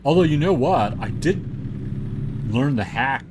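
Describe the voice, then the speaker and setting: A man's voice: medium pitch, lively intonation, slow. A man hosting a game stream, chatting casually and rambling with lots of fillers. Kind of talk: casual chat while gaming. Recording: game engine noise behind.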